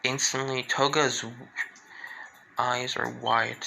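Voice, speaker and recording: Slow, gravelly male storyteller. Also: mid-range voice, level tone, sharp tone, slight background noise, rough recording. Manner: rambling, with fillers and restarts. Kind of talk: improvised fan-fiction narration.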